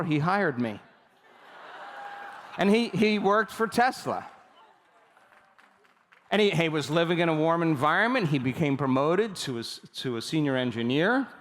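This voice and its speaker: A man giving a motivational seminar talk, telling stories with animated energy and often checking that the audience is with him. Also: on the high side, big-room sound. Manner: animated storytelling, repeatedly asks the audience for agreement. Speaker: seminar speaker.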